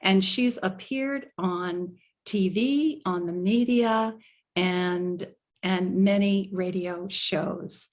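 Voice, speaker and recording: Slow, enthusiastic woman host. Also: medium pitch. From USA. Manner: enthusiastic, gushing. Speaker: summit host, life coach. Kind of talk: online summit interview. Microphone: video call.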